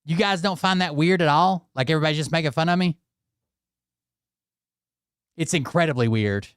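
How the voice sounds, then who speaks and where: A man's voice: on the high side, moderate pace, fairly bright tone, smooth, dry recording, clean studio sound. A male channel host ranting casually to his viewers, exasperated and swearing often as he talks straight to them. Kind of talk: casual profane rant to viewers.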